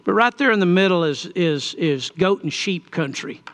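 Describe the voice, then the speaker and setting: A man's voice: sits high, animated, normal speed, fairly bright tone. A middle-aged man preaching a sermon, telling a story in a folksy way and building to emphatic points. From Texas. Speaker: pastor.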